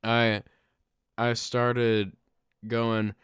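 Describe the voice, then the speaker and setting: A young man co-hosting a podcast, telling a comedic story in an animated way, laughing often and breaking into loud yelled bits. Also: mid-range voice, drawn-out words, clean tone, no echo, studio quality. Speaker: podcast co-host.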